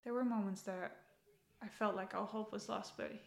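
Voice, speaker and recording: A woman's voice: mid-range voice, fairly even intonation, moderate pace, vocal fry. A young woman, a podcast guest, talking casually and thoughtfully, often repeating herself and laughing easily. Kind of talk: casual chat. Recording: echoey room.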